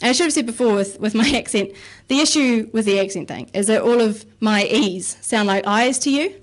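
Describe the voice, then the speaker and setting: Woman, stand-up comic, higher voice, chatty, self-mocking, casual swearing, club stage mic. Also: brisk. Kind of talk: stand-up comedy set.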